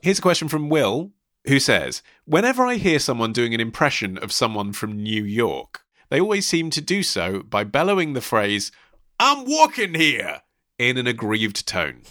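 Wry man with a bright edge. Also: medium pitch, dry recording, studio quality. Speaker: podcast co-host. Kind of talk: casual chat.

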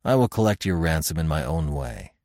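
A man voicing a fierce, battle-bloodied barbarian war chief with a gruff, commanding manner, in an audiobook reading. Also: rumbling low, very animated, fairly quick, darkish tone, no echo, clean studio sound, voice pushed down, heavily acted. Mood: grim, proud.

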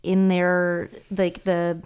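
A woman's voice: fairly low pitch, monotone, very slow, a little mellow, clean tone. A woman hosting a casual interview, chatty and laughing easily as she jumps in with comments. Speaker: host.

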